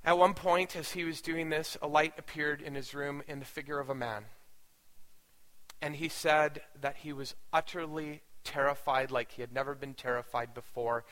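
A man's voice: on the high side, fairly even intonation, moderate pace, fairly bright tone. Brief: male pastor, sermon storytelling, earnest and dramatic, ringing hall reverb.

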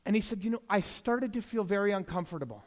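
High-voiced man preaching in a reverberant hall. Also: expressive, fast talker. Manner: storytelling, swings between hushed and emphatic. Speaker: pastor. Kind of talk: sermon.

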